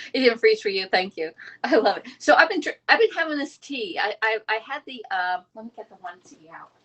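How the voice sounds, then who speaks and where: A fast-talking woman, hosting a casual live cooking stream from her home kitchen and reading viewer comments aloud. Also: fairly high pitch, animated, sharp tone. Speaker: livestream cooking host.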